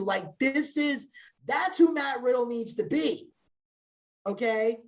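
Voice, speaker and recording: Blunt, fast-talking woman co-host. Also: high-pitched, animated. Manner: opinionated and blunt, talks in quick bursts with restarts. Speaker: podcast co-host. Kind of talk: casual wrestling chat.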